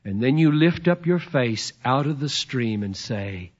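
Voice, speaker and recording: A man in his fifties preaching a sermon, emphatic and playful, swinging from loud to hushed. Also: medium pitch, lively intonation, unhurried, lo-fi sound. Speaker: pastor.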